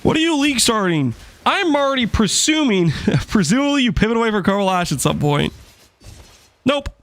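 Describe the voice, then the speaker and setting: A man's voice: high voice, very animated, fairly quick. A man streaming a game, joking and chatting with his viewers while he plays. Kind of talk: casual live-stream chat while gaming.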